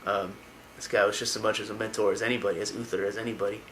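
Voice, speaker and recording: A man's voice: on the low side, flat delivery, very fast, a bit bright, a little hiss or hum, rough recording. A man casually retelling a fantasy story, rambling with many fillers and restarts. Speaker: lore video narrator.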